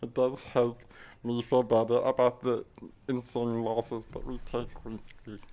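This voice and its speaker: A man's voice: mid-range voice, level tone, unhurried, dark tone, natural voice. A man playing a formal, overly polite young football center with an odd, prim voice. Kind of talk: comedy sketch acting.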